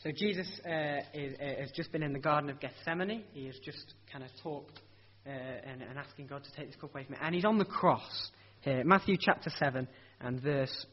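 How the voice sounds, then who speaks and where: A man's voice: fairly high pitch, a little fast, slight background noise. A man preaching a sermon in an earnest, conversational way, asking rhetorical questions and often restarting his sentences. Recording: dull lo-fi recording.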